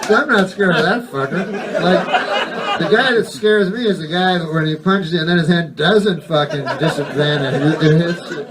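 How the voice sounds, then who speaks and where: A man doing a stand-up comedy monologue on a club stage, delivered in a deadpan, rambling and profane style with halting asides. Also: on the high side, over a noisy crowd. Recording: distant mic, noisy live recording.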